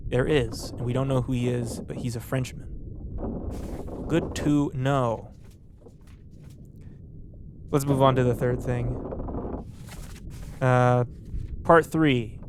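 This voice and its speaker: A man's voice: mid-range voice, slow pace, long pauses. Rambling young man commentating a game. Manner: rambling, thinks aloud with many fillers and restarts. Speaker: gameplay commentator. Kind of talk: casual let's play commentary. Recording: background noise under the voice.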